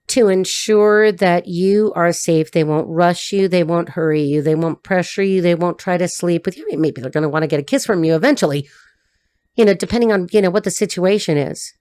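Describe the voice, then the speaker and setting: A woman's voice: on the low side, darkish tone, smooth, dry recording. A woman giving a casual tarot reading to camera, blunt and profane, laughing often, her voice cracking a little. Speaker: tarot reader and life coach.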